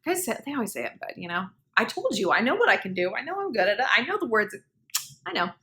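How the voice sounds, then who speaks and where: Woman, relationship vlogger, casual storytelling, lots of "like", fairly high-pitched voice. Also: fast talker. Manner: chatty, animated, many "like"s, acts out quoted dialogue.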